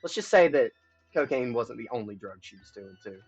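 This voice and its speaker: A man's voice: mid-range voice, animated, a little fast, slightly rough, dry recording, faint music behind. Young man, streamer, rambling and profane, dull lo-fi mic, dry sound. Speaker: live streamer. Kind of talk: casual storytelling chat.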